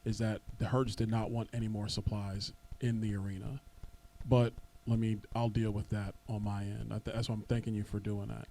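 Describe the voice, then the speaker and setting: A man, an elected official, answering residents at a town hall in a measured, explanatory way with frequent fillers. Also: lowish voice, little pitch movement, gravelly, mellow, a little hiss or hum. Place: community center meeting room.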